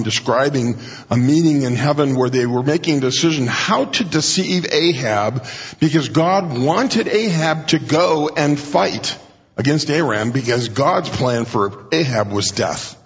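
A man preaching a sermon in a conversational way, often clearing his throat and raising his pitch to act out quoted speakers. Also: animated, unhurried. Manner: frequent throat clearing and restarts. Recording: dull recording in a reverberant hall.

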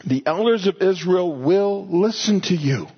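A man preaching a sermon, explaining Bible verses and paraphrasing scripture aloud, at times loud and at times quiet. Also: high voice, lively intonation, a little slow, breathy edge, muffled recording. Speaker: pastor teaching a Bible study.

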